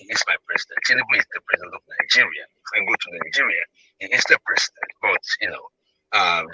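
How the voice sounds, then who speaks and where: A male caller giving opinionated commentary on a call-in show, animated and emphatic, with many fillers and repeated words. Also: on the low side, breathy edge, low-quality recording.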